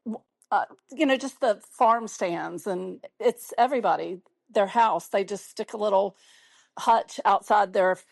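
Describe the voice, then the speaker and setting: Gravelly woman telling stories. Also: medium pitch, no echo. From Mississippi. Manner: chatty storytelling with laughs. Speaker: podcast guest. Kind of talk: casual conversation.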